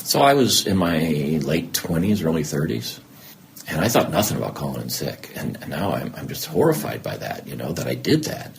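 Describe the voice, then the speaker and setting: Middle-aged guy on a podcast, low voice that swings all over, acts out old conversations, faint noise behind. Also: a little fast, creaky. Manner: animated storyteller who acts out remembered dialogue. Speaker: podcast guest. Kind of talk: candid personal interview.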